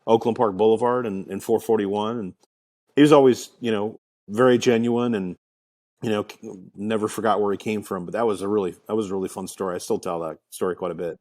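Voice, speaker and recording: A man's voice: on the low side, brisk. A middle-aged man telling a story as a guest in an interview, acting out the people he quotes. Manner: lively storyteller who acts out the people he quotes. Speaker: guest, car dealer.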